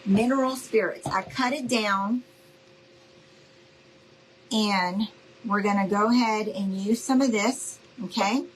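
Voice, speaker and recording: Slow, chatty craft host woman. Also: mid-range voice, slight background noise, low-quality recording. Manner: chatty, addresses viewers as y'all, checks in with okay?. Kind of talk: live crafting demonstration.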